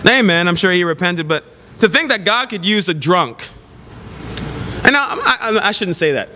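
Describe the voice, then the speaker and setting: A man preaching a sermon, telling lively stories with laughs and exclamations. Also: sits high, moderate pace. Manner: animated storytelling with laughs and exclamations. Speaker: pastor. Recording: long hall reverb, faint noise.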